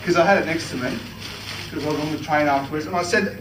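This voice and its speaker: An Australian man with a fairly high voice tells a lighthearted anecdote, chatty and full of restarts. He is heard from a distance in an echoey meeting room. Steady room noise sits under the voice. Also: fast talker. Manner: chatty storytelling with frequent restarts and laughs. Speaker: club speaker. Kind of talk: humorous personal anecdote speech. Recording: roomy hall, from far off, with noise.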